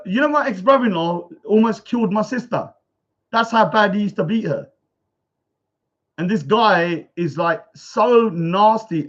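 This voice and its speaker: A man's voice: sits high, fairly bright tone, muffled recording. A man ranting on a livestream, reading out comments and rebutting them with indignation. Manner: indignant, reads comments aloud then rebuts. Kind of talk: casual livestream rant.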